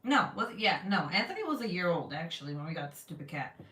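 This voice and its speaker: A woman's voice: on the low side, very animated, fast, bright, forceful tone. Blunt, swearing woman chatting, roomy sound. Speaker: vlogger. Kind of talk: casual chat to camera. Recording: roomy, from a distance.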